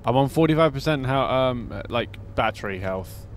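A man's voice: mid-range voice, expressive, moderate pace. Rambling male streamer. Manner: rambling, restarts often. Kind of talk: casual gaming chat. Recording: faint background noise.

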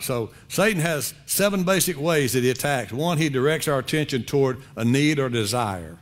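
A man's voice: mid-range voice, lively intonation, moderate pace, hardly any pauses. A male pastor preaching a sermon in a conversational, folksy way, repeating phrases for emphasis.

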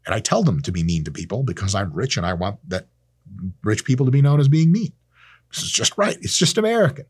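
A man in his thirties talks straight into the camera in a loose, profane rant, dripping with sarcasm. His voice is husky and slightly breathy, swinging widely up and down in pitch. The sound is dry and close, with no room around it. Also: sing-song, fast, a little mellow, dry recording. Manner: profane, sarcastic, acts out quoted people in silly voices. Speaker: host. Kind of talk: casual monologue to camera. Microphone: camera mic, close.

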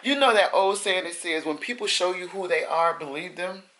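A woman's voice: on the low side, normal speed, a bit bright, reverberant, slight background noise, poor audio. A woman vlogger giving casual advice to the camera, emphatic and repeating her points with folksy sayings.

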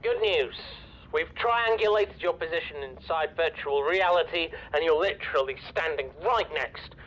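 A stammering, flustered caller for a video game, heard over a muffled phone line. His voice sits high and he keeps tripping over his words. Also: normal speed, a bit bright. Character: frantic man calling on the phone.

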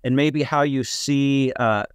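Male interviewer, slow speech, smooth clear voice, dry sound. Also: mid-range voice, steady tone, no room sound. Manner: unhurried, encouraging. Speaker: co-host asking questions. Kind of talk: interview questions.

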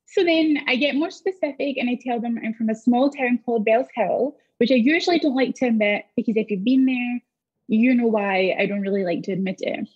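Scottish woman, comic guest on a panel, higher voice with husky edge, lively storyteller, dull lo-fi audio. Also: fairly quick. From Scotland. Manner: animated storytelling with acted-out dialogue. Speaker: comedian guest.

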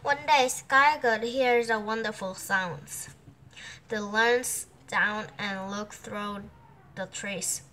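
A woman with a Korean accent, a non-native speaker, reading a children's picture book aloud with careful, halting phrasing. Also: medium pitch, sharp tone. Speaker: storybook reader.

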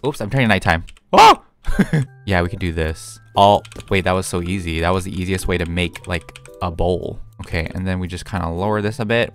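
A man's voice: low voice, fairly bright tone. A young man giving casual, rambling commentary as he builds something in a video game, talking to himself with lots of fillers. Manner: chatty, rambling, self-talk with frequent fillers and giggles.

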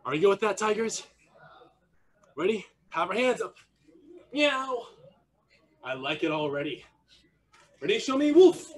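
A man teaching an online martial arts class for kids, playful and encouraging, leading exercises with silly animal noises over a video call. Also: sits high. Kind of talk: energetic online kids' class.

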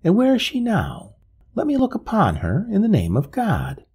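Guy putting on a frail old gent, high shaky pleading voice, very formal, bit raspy. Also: wildly swooping pitch, moderate pace, darkish tone, full character voice. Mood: desperate. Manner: formal, imploring, trembling. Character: frail grieving old gentleman, courtly and pleading.

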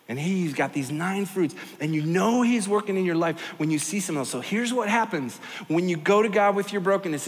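A middle-aged man preaching a sermon as a pastor, animated and storytelling, swinging from soft to loud. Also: on the high side. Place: large church hall. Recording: long hall reverb.

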